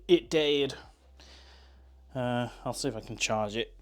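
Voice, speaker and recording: A man's voice: medium pitch, slow pace. A man chatting casually on a live stream, joking and answering chat while he makes coffee.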